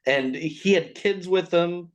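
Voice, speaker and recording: A man co-hosting a casual talk show, easygoing and quick to agree. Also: sits high, lo-fi sound. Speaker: co-host. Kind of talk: casual chat.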